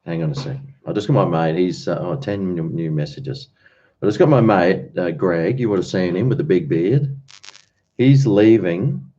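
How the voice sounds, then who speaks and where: A man's voice: deep voice, lively intonation, moderate pace, dark tone, lo-fi sound. A man hosting a casual livestream, chatting and rambling while he answers viewers' comments. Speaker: livestream host.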